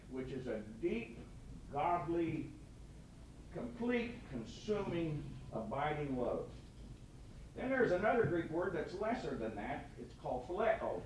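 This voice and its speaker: A man giving a quick, folksy devotional talk at a meeting. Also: on the high side, a little hiss or hum. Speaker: state representative giving a devotion. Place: meeting room. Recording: echoey room from far off.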